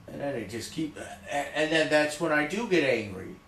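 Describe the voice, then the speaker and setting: A man talking loudly in an emphatic, repetitive rant, often checking in with "okay?". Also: fairly high pitch, expressive, moderate pace, hardly any pauses, reverberant, slight background noise. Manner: loud, repetitive, emphatic, keeps saying okay. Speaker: vlogger. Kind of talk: ranting monologue to camera.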